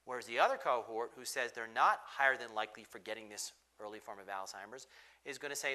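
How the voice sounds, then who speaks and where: A man speaks as a doctor on a forum panel. His voice is bright and forceful at an average pitch, and he pushes his explanations along emphatically. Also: lively intonation, fast talker. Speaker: physician panelist. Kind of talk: panel discussion.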